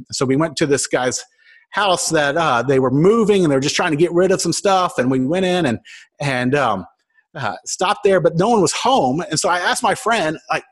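A man in his thirties giving a sermon, telling a personal story with humor and acting out the voices of people in it. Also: fairly high pitch. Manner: storytelling, acts out quoted voices, self-mocking. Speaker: pastor.

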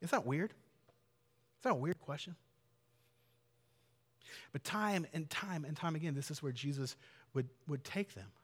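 An earnest male pastor preaches in a casual, conversational way, now and then sinking to a near-whisper to make a point. His voice sits fairly high and echoes through a church auditorium with a long reverb. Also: unhurried, long pauses, husky. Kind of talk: sermon.

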